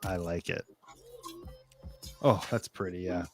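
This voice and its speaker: A man's voice: low voice, fairly even intonation, faint music behind. A man co-hosting a casual podcast stream, steering the chat through a game-character bracket. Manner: steers the talk, quick bursts then trailing off. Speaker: podcast co-host running the bracket.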